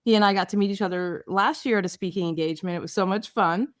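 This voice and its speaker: A woman's voice: medium pitch, quick pace, dry recording, clean studio sound. A woman hosting a podcast interview, upbeat and enthusiastic. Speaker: podcast host.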